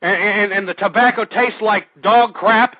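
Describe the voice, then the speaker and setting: On a call-in radio show, the host delivers combative, crude, repetitive rants in a high voice with fairly even intonation at normal speed. The recording is tinny, dry and phone-like, with slight background noise.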